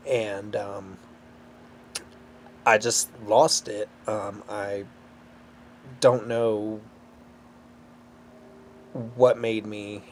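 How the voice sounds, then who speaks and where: A man telling a personal story to camera, emotional and halting, close to tears, with many fillers. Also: fairly low pitch, a little hiss or hum. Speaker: vlogger.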